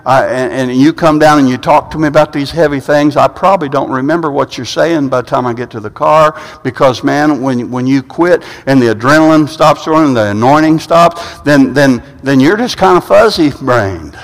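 A man's voice: medium pitch, normal speed, few pauses. A man preaching a sermon as pastor in a church sanctuary. He tells stories with many restarts and repeated words. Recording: long reverb of a large hall.

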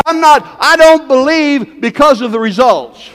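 A man preaching a sermon as pastor, repeating himself and swinging from loud calls to hushed asides. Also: very high-pitched, lively intonation, a little slow. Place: church sanctuary. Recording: long reverb of a large hall.

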